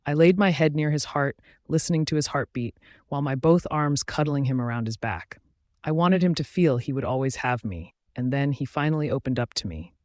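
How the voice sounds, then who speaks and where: Male audiobook narrator, soft and dry. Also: medium pitch, a little fast, no echo. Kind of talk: scripted narration.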